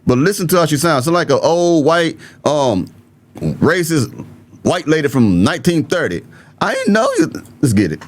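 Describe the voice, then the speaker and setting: A man's voice: a little high, animated, normal speed, slight background noise. A man from the Southern United States with a mild Southern accent, hosting an opinionated video commentary and talking bluntly and emphatically straight to his viewers. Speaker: political commentary host.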